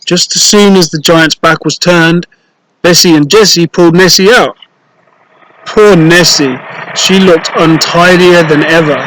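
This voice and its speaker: A man reading a children's storybook aloud, slow, clear and playful, with rhymes. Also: on the high side, steady tone, a bit bright, rough recording.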